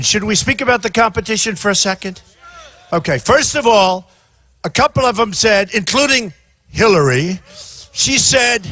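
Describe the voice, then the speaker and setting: A man in his sixties giving an off-the-cuff campaign rally speech outdoors, rambling and repetitive, often shouting to a crowd. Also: high-pitched. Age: 60s. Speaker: presidential candidate.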